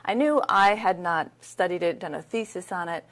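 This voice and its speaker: A middle-aged woman speaking as an interview guest, with a voice that sits a little low. She tells stories candidly and conversationally. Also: normal speed. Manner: candid, anecdotal, lively retelling. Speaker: interview guest, leadership consultant. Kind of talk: conversational storytelling.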